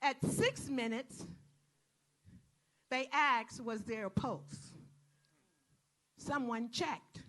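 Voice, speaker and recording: A woman's voice: on the high side, extremely slow, long pauses, fairly bright tone. A woman emceeing an outdoor protest rally, leading the crowd in preacherly call-and-response and folksy asides.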